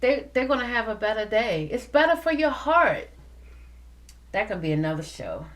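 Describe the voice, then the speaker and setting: A woman hosting a podcast, giving an animated motivational talk to her listeners. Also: a little high, normal speed. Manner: animated, preachy, addresses listeners as y'all. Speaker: podcast host.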